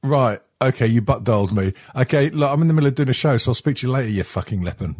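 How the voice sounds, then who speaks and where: A man's voice: mid-range voice, expressive, quick pace, a little mellow. A middle-aged man hosting a podcast in a rambling, sweary, casual way, full of ums and restarts. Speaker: podcast host.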